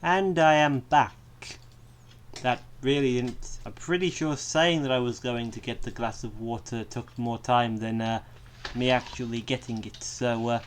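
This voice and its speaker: A man's voice: medium pitch, steady tone, a little slow. A man giving casual let's-play commentary on a game, chatty and rambling, wandering off on amused tangents. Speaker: gaming video creator.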